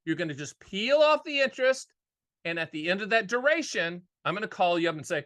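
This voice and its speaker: A middle-aged man explains annuities in a casual, folksy, straight-talk style. His voice is high for a man, bright and punchy. He hammers points home by repeating phrases. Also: sing-song, fairly quick. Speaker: annuity agent and show host.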